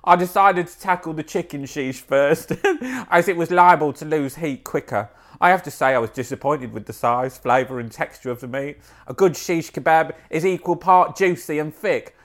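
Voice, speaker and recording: A man's voice: on the high side, moderate pace, few pauses, a bit bright. A man co-hosting a casual chat, reading news stories aloud with amused asides and frequent laughter. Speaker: podcast co-host.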